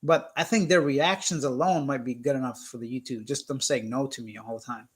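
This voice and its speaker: A man's voice: mid-range voice, a little fast, hardly any pauses, slightly rough. A young man from Canada hosting a casual live stream, reading viewer comments aloud and joking around. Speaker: YouTube channel host.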